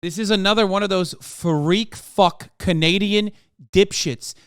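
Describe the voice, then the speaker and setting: A man's voice: high voice, fairly even intonation, measured pace, fairly bright tone, clear, resonant tone, no echo, studio quality. A man streaming a sarcastic, profane rant while reacting to news articles. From United States. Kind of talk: ranting commentary.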